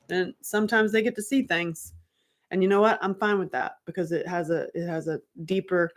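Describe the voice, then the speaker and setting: Middle-aged woman from North Carolina, host, slightly low voice, frank and lively, casual live-stream talk with lots of laughs. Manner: animated, candid, laughs often, quick asides.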